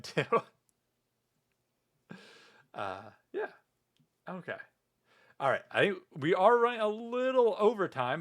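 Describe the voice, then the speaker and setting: Lively man rambling on a livestream. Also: on the high side. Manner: joking, rambling, tacking "meow" onto sentences. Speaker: streamer. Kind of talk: casual livestream chat.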